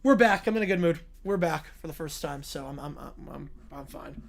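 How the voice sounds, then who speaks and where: A man's voice: on the high side, a little fast, vocal fry, hardly any pauses. A man hosting a livestream, chatting casually and repeating words as he starts sentences. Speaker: livestream host.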